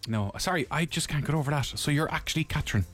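A man's voice: a little high, faint music behind. A man hosting a morning radio show, bantering in casual chat and teasing his co-host. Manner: quick, animated, teasing banter. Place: radio studio. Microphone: studio microphone.

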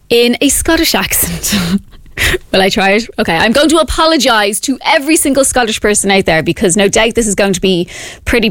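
A woman's voice: medium pitch, dry recording. A woman hosting morning radio, chatty and giggly, poking fun at herself. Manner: chatty, giggly, self-mocking. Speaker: radio host. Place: radio studio.

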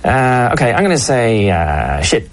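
A man hosts a sports radio show in a comedy sketch. His voice sits at an ordinary middle pitch. He talks hesitantly, filling gaps with fillers and drawn-out pauses. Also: animated.

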